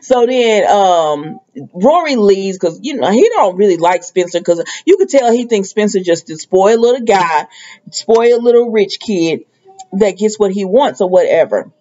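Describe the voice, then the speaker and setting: A woman's voice: medium pitch, animated, normal speed, warm tone, muffled recording. Chatty woman giving a soap recap. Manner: chatty, slangy, dips into quoted lines. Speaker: soap opera recap host. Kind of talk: casual episode recap.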